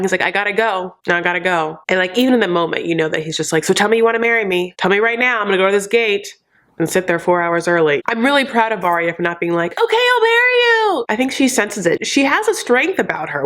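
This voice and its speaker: A woman hosting a reality TV recap, talking straight to viewers in an animated, sarcastic, opinionated way. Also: lowish voice. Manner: animated and sarcastic, acts out quotes in exaggerated voices. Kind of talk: opinionated casual recap commentary.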